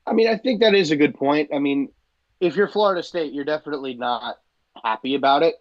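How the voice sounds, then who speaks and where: A man's voice: a little high, brisk, highs cut off. A man co-hosting a sports talk show, arguing back with hedges and lots of "I mean.". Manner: hedging, full of "I mean". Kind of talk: sports debate.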